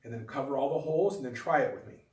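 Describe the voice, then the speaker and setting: Calm man teaching in an echoey room. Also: medium pitch, very fast, far from the mic. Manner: calm, patient, demonstrative explaining. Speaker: flute teacher. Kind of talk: instructional video lesson. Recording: echoey room, voice a bit off-mic.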